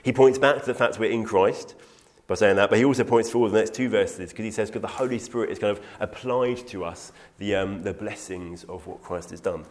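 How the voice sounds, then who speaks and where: A man's voice: on the low side, a little fast. A man teaching through a Bible passage in an earnest, emphatic way, quoting scripture and taking questions. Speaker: preacher.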